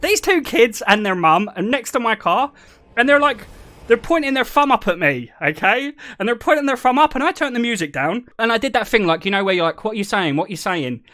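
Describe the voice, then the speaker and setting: A man's voice: very high-pitched, big pitch swings, fairly quick, pushed and bright. A British man streaming, telling casual stories to his chat, joking, swearing freely and laughing often. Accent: British English. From Britain.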